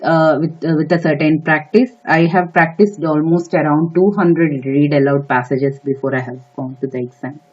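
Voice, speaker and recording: An exam prep tutor giving earnest step-by-step advice, with frequent filler pauses. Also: medium pitch, darkish tone. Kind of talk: instructional talk to camera. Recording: dull lo-fi recording.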